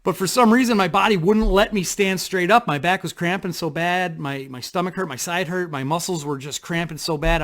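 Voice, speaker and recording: A man casually telling a rambling personal story to camera, animated, with restarts and blunt swearing. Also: on the high side.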